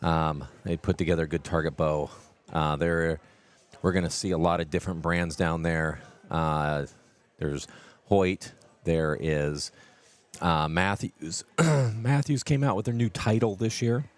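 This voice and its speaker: A man's voice: sits low, measured pace. A man hosting live commentary on a tournament, explaining things in a rambling, casual way with lots of fillers.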